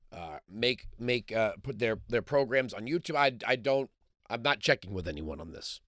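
A man's voice: medium pitch, a bit bright, no echo, clean studio sound. A man hosting a call-in radio talk show, chatting loosely with frequent restarts and fillers.

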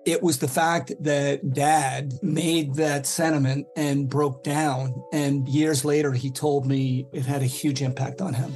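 A man's voice: on the high side, little pitch movement, unhurried, few pauses, a little mellow. A man giving an earnest, reflective testimonial in an ad. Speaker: speaker in a recovery-center ad. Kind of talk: testimonial ad narration.

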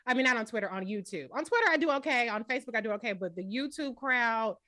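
A woman's voice: fairly high pitch, lively intonation, quick pace, pushed and bright, dry recording, studio quality. A woman from the US, raised in Los Angeles, chatting as a talk-show guest and acting out her own quoted remarks. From US, born in Boston, raised in Los Angeles. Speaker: guest commentator. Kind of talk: casual talk-show chat.

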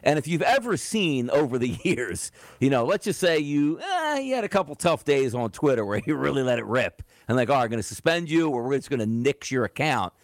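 A man co-hosting a sports talk show, bantering casually and acting out imagined quotes in an animated way. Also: mid-range voice, brisk, hardly any pauses, no echo. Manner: animated, jokey, acts out quotes. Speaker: sports radio co-host.

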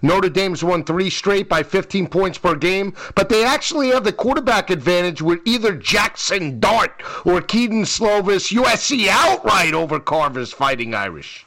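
High, lively, excitable man. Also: normal speed, few pauses. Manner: excitable, playful, breaks into sound effects. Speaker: co-host and betting analyst. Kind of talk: casual sports betting chat.

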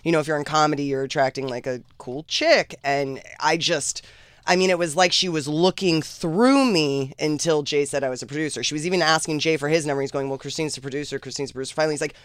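A woman's voice: deep voice, brisk, clear, resonant tone, no echo, studio quality. A woman producer of a comedy show, chatting frankly and gossiping. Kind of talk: casual chat.

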